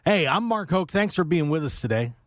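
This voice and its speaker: Sarcastic, animated radio host man. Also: on the high side, brisk, no echo, clean studio sound. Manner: sarcastic, joking, lively. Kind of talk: casual wrestling radio chat. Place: radio studio booth. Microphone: studio microphone.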